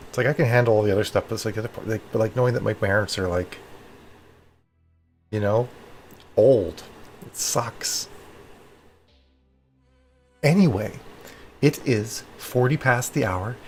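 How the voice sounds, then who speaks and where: A man with a slightly low voice hosts a writing livestream. He chats casually with viewers, calls them honey and reacts to their comments with quick, lively exclamations. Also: faint music behind. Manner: chatty, affectionate, calls people honey. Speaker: livestream host of a writing session.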